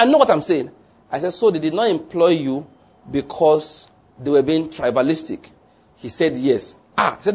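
A man with a somewhat high, husky voice preaches a sermon. He reads scripture and then unpacks it in a measured, teaching way, often pausing to ask "all right?". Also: expressive.

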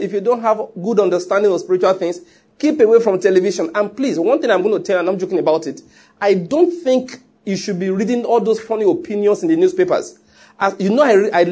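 A man's voice: sits high, a little mellow, husky. A man preaching a sermon in an emphatic, conversational way, with joking asides. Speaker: pastor.

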